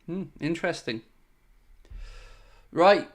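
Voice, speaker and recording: A man hosting a live football watchalong stream, chatting casually, answering viewer messages and bursting out loud when goals go in. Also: fairly high pitch, slow pace. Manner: excitable, swings between chatty asides and loud bursts at goals. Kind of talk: live casual commentary and chat.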